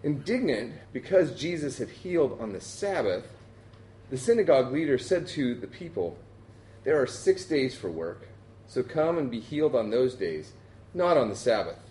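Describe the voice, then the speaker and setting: Man, scripture reading, mellow dark voice, expressive, faint background noise. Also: medium pitch, moderate pace, echoey room. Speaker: Bible reader.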